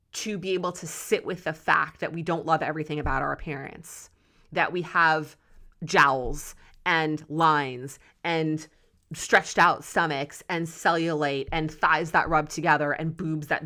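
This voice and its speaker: A woman's voice: on the low side, fairly bright tone. Impassioned woman hosting a solo podcast. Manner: impassioned, candid, swearing. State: close to tears. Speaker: podcast host.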